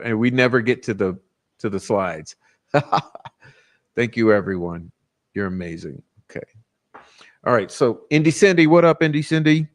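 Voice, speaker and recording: A man hosting a casual livestream, ranting combatively and profanely, with frequent restarts. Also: medium pitch. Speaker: livestream host.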